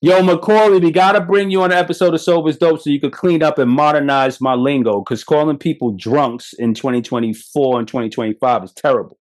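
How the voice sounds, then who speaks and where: A middle-aged Brooklyn man talks straight at his listeners in a podcast monologue. He is blunt and profane, and his stories come out animated and emphatic. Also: on the high side, fairly quick, few pauses. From Brooklyn, New York. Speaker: podcast host. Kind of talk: motivational monologue.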